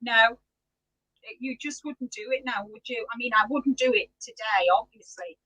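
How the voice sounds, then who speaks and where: A woman's voice: fairly high pitch, normal speed, sharp tone, rough recording. A middle-aged woman hosting a live knitting podcast, chatty and giggly, greeting viewers by name. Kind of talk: casual live-stream chat.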